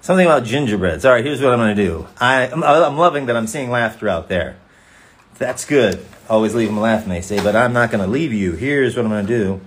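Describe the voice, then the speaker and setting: A man's voice: medium pitch, expressive, fairly quick. A voice actor chatting casually and joking with viewers while he signs autographs on a livestream. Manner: playful, jokey, rambling. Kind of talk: casual chat.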